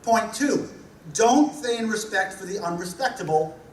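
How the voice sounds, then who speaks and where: Brash higher-voiced male speaker with a New Jersey accent, wry and blunt, heard from a distance with faint room noise. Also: expressive, measured pace. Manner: blunt, joking, punchy repetition. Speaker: conference speaker. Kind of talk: humorous conference talk. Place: large hall. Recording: echoey hall recorded from a distance.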